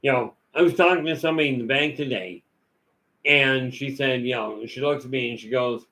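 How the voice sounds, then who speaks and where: A man's voice: medium pitch, fairly quick, pushed and bright, poor audio. A man giving a rambling, folksy talk full of stories and asides as a vlog host. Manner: folksy, storytelling, many "you know" fillers.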